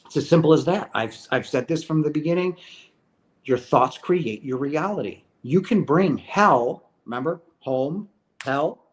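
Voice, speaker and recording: A man's voice: a little high, animated, measured pace. A middle-aged man hosting a question-and-answer video, speaking in an earnest, emphatic way and often checking in with "right?". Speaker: host answering viewer questions. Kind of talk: casual spiritual talk.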